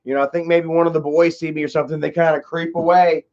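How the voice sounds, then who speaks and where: A man's voice: fairly high pitch, little pitch movement, fast, darkish tone, muffled recording. A man telling a long personal story on a livestream, rambling and cursing, full of "you know" and "bro.". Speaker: streamer.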